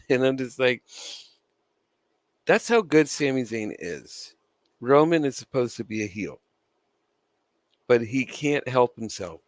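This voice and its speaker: A man's voice: mid-range voice, dry recording. A man chewing gum with a dry mouth, giving casual, opinionated commentary as a wrestling news vlogger, swearing freely and laughing between points.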